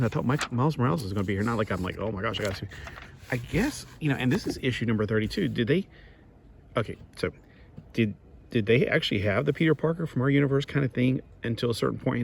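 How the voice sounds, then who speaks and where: A man's voice: medium pitch, creaky, a little hiss or hum. A man giving a casual comic book review in a rambling way, full of restarts, asides and exasperated griping.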